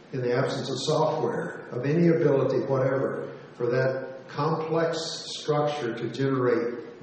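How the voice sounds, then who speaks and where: Halting man in an echoey hall. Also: mid-range voice, a little mellow, a little hiss or hum. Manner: halting, many restarts and fillers. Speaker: speaker. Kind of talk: Christian apologetics talk. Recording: echoey hall, mic far off.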